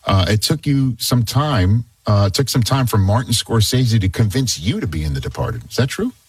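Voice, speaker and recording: Chatty low-voiced male interviewer. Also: very animated, no echo. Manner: chatty, agreeable, drawn-out questions. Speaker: interview host. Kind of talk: casual interview. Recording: dry, distant mic.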